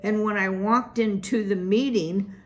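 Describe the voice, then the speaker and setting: A woman voicing an earnest young female mouse who stammers and talks haltingly. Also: mid-range voice, fairly even intonation, loud music behind the voice, close to an everyday voice. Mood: upset.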